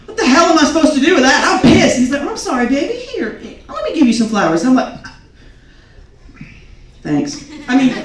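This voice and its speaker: A young woman performing a stand-up comedy set, telling self-mocking stories and acting out quotes. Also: on the high side. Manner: animated, self-mocking storytelling with acted quotes. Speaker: stand-up comic. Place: comedy club stage. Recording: echoey club recording from a distance, crowd noise. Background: audience laughing.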